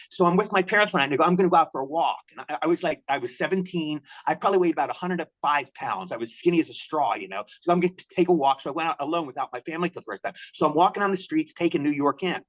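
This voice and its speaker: A man in his sixties rattles off stories at a quick clip, in a slightly high voice. The sound is dull and lo-fi, like a remote call. He restates lines as he goes, animated and anecdotal. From Maryland, USA. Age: 60s. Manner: animated anecdotal storytelling, repeats himself. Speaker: guest. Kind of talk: storytelling interview.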